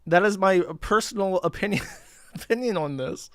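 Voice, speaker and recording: A man's voice: high-pitched, animated, moderate pace, clear, resonant tone, dry recording, studio quality. A man hosting a livestream, reading posts aloud in casual commentary with a sarcastic, profane, mocking manner. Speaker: livestream host.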